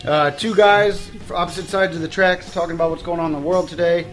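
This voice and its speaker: Relaxed guy co-hosting a couch podcast, kinda high voice, faint music under it. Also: fast. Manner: laid-back, easily laughing, trailing restarts. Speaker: podcast co-host. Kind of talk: casual conversational podcast. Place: home living room, on a couch.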